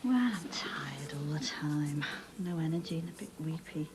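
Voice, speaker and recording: Weary Northern English mum, subdued, lively pitch. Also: female voice, normal speed, background noise. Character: tired, low-spirited middle-aged mother.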